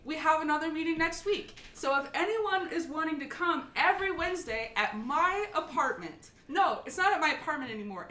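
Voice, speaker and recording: A woman doing a bright, high-pitched young heroine who chatters on earnestly in a put-on news-reporter tone, her voice swooping lively up and down. She sounds a little far from the mic in a roomy space. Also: slight background noise. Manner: bubbly, earnest, rambling. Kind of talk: tabletop role-play in character. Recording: echoey room, mic at a distance.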